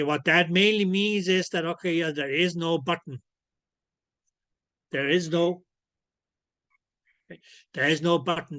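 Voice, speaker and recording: A man teaching ultrasound physics in an online lecture over a computer microphone. He keeps checking whether students follow by asking "clear?", and he fills his sentences with "okay, yes". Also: a little high, bright, forceful tone, no echo. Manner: peppers speech with filler "okay, yes". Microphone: computer mic on a video call.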